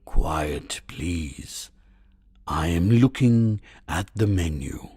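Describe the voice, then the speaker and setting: A man voicing a slow, grand storybook lion. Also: deep voice, animated, warm tone, husky, no echo, pitched below the performer's own voice, full character voice. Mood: grand, lordly. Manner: slow, grand, drawn-out speech. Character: pompous grand male lion customer.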